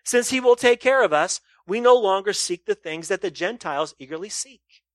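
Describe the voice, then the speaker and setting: A man preaching a sermon in a somewhat high voice, the sound close and dry. He presses his listeners with rhetorical questions and swings between loud emphasis and soft, low asides. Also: animated, normal speed, no room sound. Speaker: pastor.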